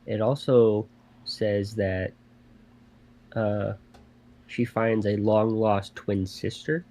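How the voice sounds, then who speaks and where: A man's voice: on the low side, steady tone, extremely slow, warm tone, rough recording. A man co-hosting a casual podcast in a laid-back way, mostly chiming in briefly. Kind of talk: casual chat.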